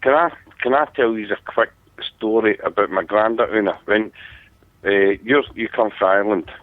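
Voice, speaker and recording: A Scottish man hosts a talk radio show, telling a long family story in an earnest, rambling way with many restarts. His voice is on the low side at normal speed with no room sound, though the audio is tinny and phone-like.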